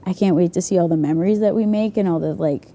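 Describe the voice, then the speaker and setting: A woman's voice: fairly low pitch, quick pace, dark tone. A young woman youth leader chatting casually, giggling and saying "like" a lot as she tells stories. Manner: bubbly, giggly storyteller, says "like" a lot. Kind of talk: casual chat.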